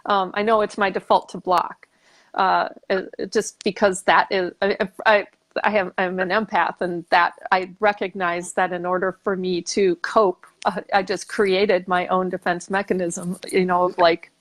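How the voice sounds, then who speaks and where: A woman's voice: fairly low pitch, flat delivery, normal speed. A woman hosting a casual talk show, speaking reflectively and thinking aloud with many fillers and restarts. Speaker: podcast host. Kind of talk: casual conversation.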